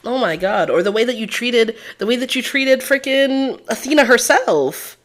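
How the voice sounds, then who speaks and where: A woman's voice: a little high, animated, moderate pace. A woman streamer giving casual live gameplay commentary, blunt and profane, full of slang and laughter.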